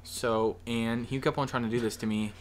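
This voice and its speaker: A man's voice: medium pitch, steady tone, moderate pace. A young man in a casual podcast chat, rambling through a story and getting defensive when questioned.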